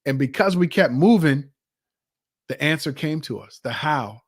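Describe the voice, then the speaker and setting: A man coaching an audience, telling a personal travel story with animated, acted-out quotes. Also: fairly high pitch, moderate pace. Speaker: motivational coach. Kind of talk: motivational storytelling talk.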